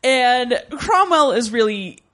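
A woman co-hosting a casual chat, recapping a drama with sarcastic asides and quick jokes. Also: a little high, animated, a bit bright. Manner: sarcastic, quick asides, acts out lines in funny voices. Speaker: podcast co-host.

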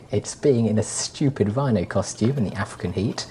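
A woman with a very low voice co-hosting a chatty podcast, teasing and deadpan. She sounds sleep-deprived, and faint hiss sits under her voice. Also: moderate pace. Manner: dry, jokey, self-mocking. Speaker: podcast co-host. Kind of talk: casual chat.

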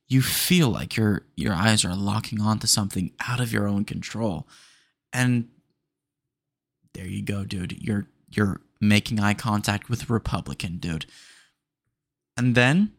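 A man hosting a solo podcast in a casual, rambling chat style, talking close to his microphone and often calling listeners "dude". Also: lowish voice. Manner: rambling, laid-back, keeps saying "dude". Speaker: podcast host. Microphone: podcast mic close to the face.

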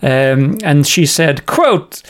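A man's voice: on the high side, measured pace. A man co-hosting a casual podcast, telling a story wryly with many fillers and chuckles. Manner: wry, chuckling, hesitant with fillers. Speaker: podcast co-host. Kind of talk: casual chat.

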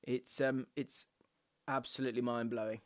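A man's voice: medium pitch, level tone, moderate pace, dry recording, studio quality. A man co-hosting a casual football podcast, laughing often as he reads out listener messages and trades banter. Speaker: podcast co-host.

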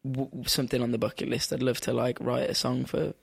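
A man's voice: mid-range voice, little pitch movement, a little fast, gravelly, breathy edge, no echo, clean studio sound. A young man, a musician guest in an interview, talking in a rambling, filler-heavy way with frequent laughs. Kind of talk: casual interview.

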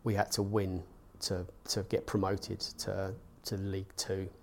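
A man with a very deep, gravelly voice looks back on a big match. He speaks in a flat, even tone, steady and measured, pausing between thoughts. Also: slight background noise. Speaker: football fan interviewee. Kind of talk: reflective recollection.

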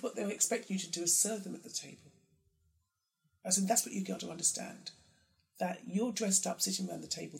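Gravelly-voiced woman, candid talk. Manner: animated, acts out quotes in high mocking voices. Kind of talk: candid conversation.

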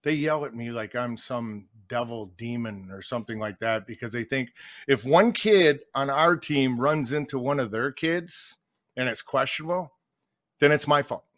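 A man's voice: mid-range voice, moderate pace, a bit bright, no room sound. A middle-aged man chatting as a guest in a podcast studio, telling blunt stories and acting out the lines of the people in them. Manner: blunt storyteller acting out quotes. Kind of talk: casual chat. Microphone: studio mic.

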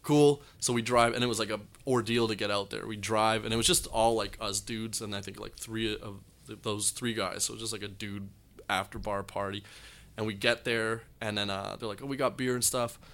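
A man's voice: fairly low pitch, fairly even intonation, a little fast, a bit bright. A young man, a comedian guest, telling long, rambling anecdotes in casual chat. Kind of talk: casual storytelling.

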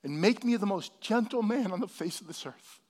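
Pastor, male, high voice, dynamic sermon delivery that swings from hushed to loud. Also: expressive, moderate pace. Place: church hall.

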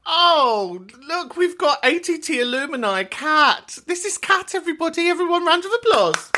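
A woman's voice: very high voice, moderate pace, background noise. A woman hosting a podcast, ranting with outrage and plenty of swearing in a casual chat. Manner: animated, sweary, outraged rant. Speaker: podcast host.

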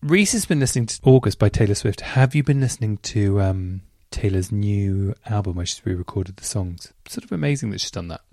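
A man's voice: fairly low pitch, lively intonation, a little fast, hardly any pauses, dark tone, no room sound, clean studio sound. A man hosting a podcast, chatting and gushing enthusiastically while reading out listener messages. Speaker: podcast host.

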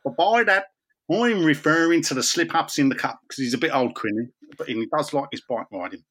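A man's voice: a little high, expressive, a little fast, a bit bright, breathy edge. A man reading a fan message aloud in a jokey mock Australian accent.

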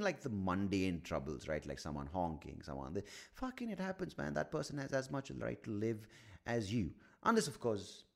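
Lively ranting man. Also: very deep voice, creaky. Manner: ranting, profane, sardonic. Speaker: podcast host. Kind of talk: solo podcast rant.

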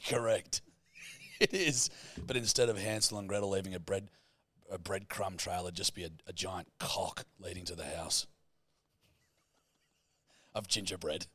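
A man's voice: low voice, steady tone, a little slow, long pauses, pushed and bright, slightly rough, no room sound. A man co-hosting a podcast in casual chat, teasing and swearing freely as he banters. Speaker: podcast co-host.

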